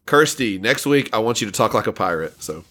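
A man's voice: fairly low pitch, animated, brisk, sharp tone. A man co-hosting a casual podcast, reading out listener comments and laughing often. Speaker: podcast co-host.

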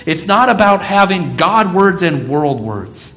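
Animated high-voiced male pastor. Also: a little slow. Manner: animated storytelling, acting out quoted voices. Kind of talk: sermon.

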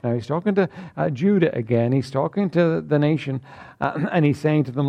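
A man's voice: a little fast, gravelly, dark tone, muffled recording. A male pastor preaching a sermon, reading scripture aloud and then retelling it in everyday words. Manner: reads King James scripture then paraphrases it in plain talk; preaching, rising high and emphatic at points.

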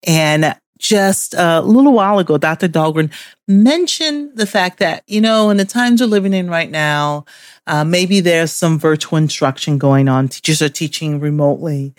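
A moderator guiding a panel and asking clear questions in a measured way. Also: mid-range voice, no echo, clean studio sound.

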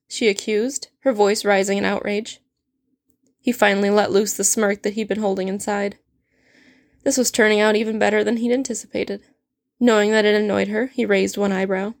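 A woman reading a fan-written story aloud in a steady, measured narration. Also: medium pitch, no room sound, clean studio sound. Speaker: fanfiction reader.

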